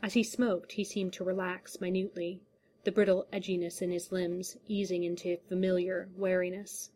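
A woman narrating a story in a measured, even storytelling manner. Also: lowish voice, a little hiss or hum. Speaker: audiobook narrator.

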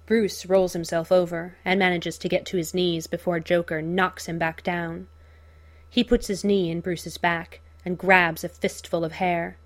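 A woman narrating a fan fiction audiobook in a measured, unhurried storytelling manner. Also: on the low side, flat delivery.

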